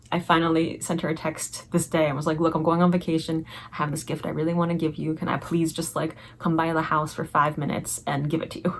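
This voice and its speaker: A young woman vlogger telling a personal story in a chatty, excited way, laughing often. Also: deep voice, slight background noise. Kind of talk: casual storytelling vlog. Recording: music playing behind the voice.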